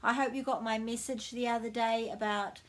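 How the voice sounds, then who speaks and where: A woman with a New Zealand accent giving a casual language lesson, friendly and slowing down to model each word. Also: on the high side, steady tone, a bit bright. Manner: friendly, slows down to model pronunciation. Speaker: language teacher.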